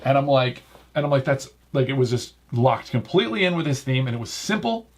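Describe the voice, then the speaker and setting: A man's voice: mid-range voice, very animated, brisk. A man hosting a podcast in casual chat, rambling with lots of fillers and restarts. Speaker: podcast host.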